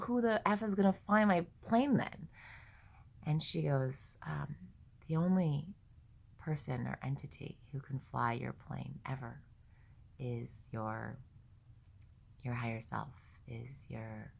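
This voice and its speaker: A young woman telling a candid personal story, halting at times and often acting out dialogue. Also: extremely low pitch, gravelly. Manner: candid, halting, with many restarts and quoted dialogue. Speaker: vlogger.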